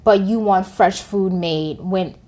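A woman's voice: medium pitch, slow, warm tone. A young adult woman co-hosting a podcast, chatting in an opinionated way and repeating her points for emphasis. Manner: emphatic, repeats phrases for effect. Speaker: podcast co-host. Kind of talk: casual opinionated chat.

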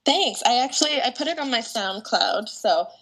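A young woman with a morning voice, a guest singer-songwriter chatting casually in a podcast interview, full of "like" and "um" and quick laughs. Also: fairly high pitch, lively intonation, fairly bright tone. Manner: chatty, laughs often, many fillers like "like" and "um".

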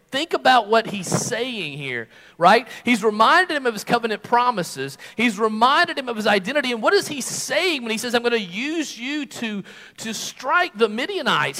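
A man delivers a sermon at a church service, his voice high and bright with a forceful edge. He presses his points emphatically and sinks into hushed, quiet delivery when he quotes. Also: big pitch swings, normal speed. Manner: emphatic, dropping to hushed tones for quoted words. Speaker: preacher.

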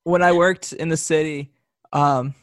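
A man's voice: on the high side, steady tone, measured pace, dry recording, studio quality. A young man chatting casually, teasing his friends and laughing often. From Long Island. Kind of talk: casual chat.

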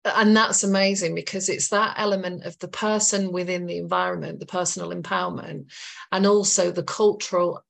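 A woman's voice: fairly low pitch, steady tone, brisk, vocal fry. A woman hosting a podcast interview, speaking effusively and thanking her guest with long lists of praise. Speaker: podcast host. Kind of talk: interview talk.

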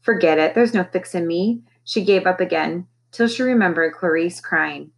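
Expressive woman reading a novel aloud. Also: lowish voice, normal speed, slightly rough. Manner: expressive, lifting her voice for the characters' lines.

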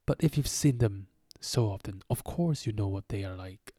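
A man's voice: lowish voice, animated, moderate pace, warm tone, dry recording, studio quality. A man doing a touchy, sulking Mock Turtle. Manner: insistent, touchy. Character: sulky, easily offended Mock Turtle.

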